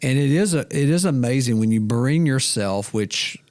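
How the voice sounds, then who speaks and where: A man's voice: mid-range voice, animated, normal speed, a little mellow. A man co-hosting a faith podcast, telling stories in a reflective, self-deprecating way. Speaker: podcast co-host. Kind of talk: casual faith discussion.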